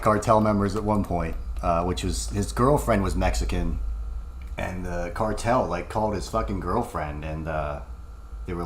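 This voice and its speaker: A man's voice: low voice, slight background noise. A man livestreaming, talking casually in a heated, profane ramble full of fillers, into a desk microphone.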